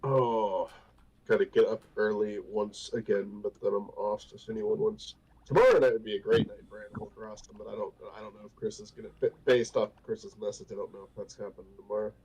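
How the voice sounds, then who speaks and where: Sleepy, husky low-voiced man. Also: fairly even intonation, a little fast, a little mellow, poor audio. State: sleepy, yawning. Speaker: stream co-host. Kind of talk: casual gaming chat.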